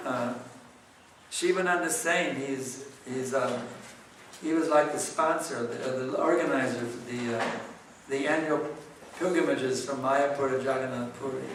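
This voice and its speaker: In an echoey temple hall, a man leads a devotional morning class and takes questions, talking conversationally and often posing rhetorical questions. His mid-range voice has a fairly bright tone, and he's set back from the mic, with a bit of hiss or hum on the recording.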